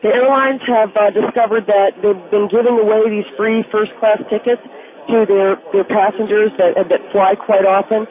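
A man voicing a patient woman caller to a radio show who explains her point calmly. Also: sits high, normal speed, pitched above the performer's own voice, lightly acted. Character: calm, reasoning woman caller, middle-aged. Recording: tinny phone line.

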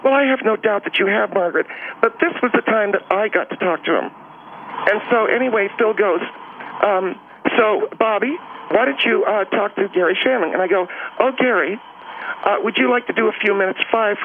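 Gravelly man on a tinny phone line. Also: sits high, a little fast, slight background noise. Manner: rambling, repetitive, showbiz-eager. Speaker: phone guest. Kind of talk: casual storytelling.

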